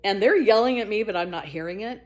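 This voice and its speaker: A middle-aged woman casually telling her own story, animated, jumping to high exclaimed quotes and dropping to low murmurs, laughing as she goes. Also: fast talker.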